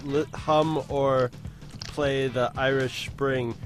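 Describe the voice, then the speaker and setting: A man's voice: mid-range voice, little pitch movement, slow, very noisy. A man co-hosting a podcast, chatting casually in a joking, laid-back way with frequent restarts. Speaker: podcast co-host.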